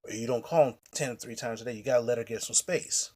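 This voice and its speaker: A man's voice: medium pitch, fast, mellow, breathy edge. A man vlogging, telling a personal story in a casual, rambling way, blunt and full of swearing, often restarting his sentences.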